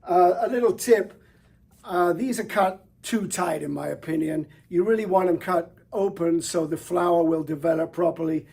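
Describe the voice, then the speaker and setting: A man's voice: high voice, normal speed, gravelly, dark tone, husky. A middle-aged man presenting flowers with enthusiasm, chatty, with fillers and small restarts. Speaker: florist presenter. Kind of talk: product showcase demonstration.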